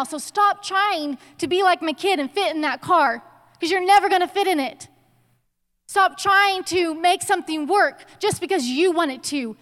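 A woman's voice: very high-pitched, a bit bright, in a large hall. A young woman giving a casual, conversational sermon in a church, telling stories with chatty slang asides. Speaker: church speaker. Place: church sanctuary.

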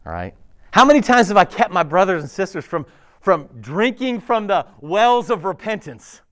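A man preaching a sermon, his fairly high voice swinging widely up and down. He talks to the congregation in a casual, animated way, laughing and throwing in asides. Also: normal speed. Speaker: pastor.

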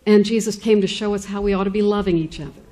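A woman's voice: mid-range voice, fairly even intonation, quick pace, dark tone. A woman giving an informal lecture in a classroom, talking casually with many fillers and restarts. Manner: conversational, many fillers and restarts, acts out quoted speakers.

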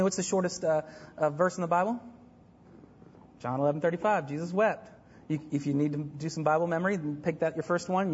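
Husky-voiced pastor in an echoey hall. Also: male voice, sits high, dull audio. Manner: animated, joking, halting with many fillers and restarts. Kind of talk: sermon. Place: church sanctuary.

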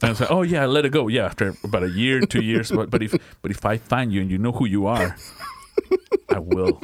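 Male host, lower voice, playful teasing, easy banter. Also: a little fast, slight background noise. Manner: joking, teasing, laughs a lot. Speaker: podcast host. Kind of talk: casual chat.

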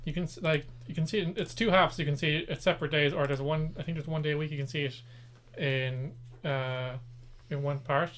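Irish podcast co-host with announcer-like plugs. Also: male voice, a little high, a little fast, slight background noise. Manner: even, announcer-like delivery for plugs. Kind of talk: casual chat with show plugs.

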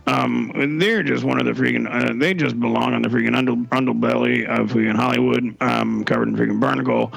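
A man on a comedy podcast who talks haltingly with many ums and packs a mild curse word into nearly every phrase. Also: medium pitch, steady tone, creaky, low-quality recording. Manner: hesitant, stuffs every sentence with one mild curse word.

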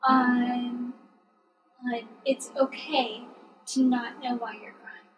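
A woman's voice: on the high side, flat delivery, slow pace, roomy sound, far from the mic, muffled recording, soft background music. A woman who works as a counselor, chatting earnestly and affirmingly on a podcast. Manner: earnest, affirming, frequent agreement. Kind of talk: casual conversational chat.

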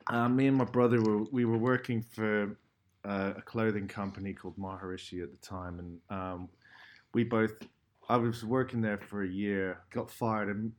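Middle-aged man, low-ish voice, loose sweary storyteller with many fillers. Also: steady tone, normal speed. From London, England. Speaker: graffiti artist guest. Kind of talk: casual storytelling.

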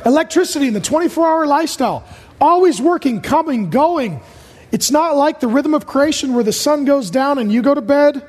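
A man's voice: very high voice, expressive, a little mellow, some chatter behind. A man preaching a humorous sermon as a pastor, firing off punchy jokes and short lists in a large church auditorium. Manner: rapid-fire jokey delivery, punchy short lists. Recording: reverberant hall.

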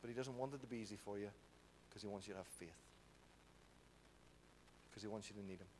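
A man's voice: on the low side, fairly quick, slight background noise. Irish male preacher, impassioned sermon, reverberant hall sound. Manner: impassioned, builds to loud peaks then drops soft. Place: church hall.

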